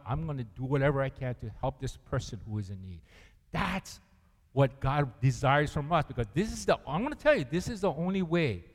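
A man preaching a sermon as pastor, animated and calling his congregation to read scripture aloud with him. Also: fairly high pitch. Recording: long hall reverb.

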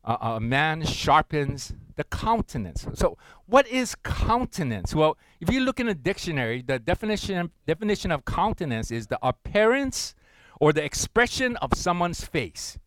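A middle-aged man preaching a sermon in a playful, animated way, swinging between loud bursts and hushed asides. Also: a little high, normal speed, no echo, low-quality recording. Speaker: pastor.

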